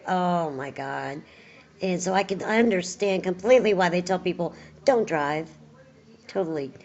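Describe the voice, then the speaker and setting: Slow-talking woman, chatty home video. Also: lowish voice, highs cut off. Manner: chatty, rambling, many fillers. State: recovering from surgery, tired. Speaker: vlogger. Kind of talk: casual video update.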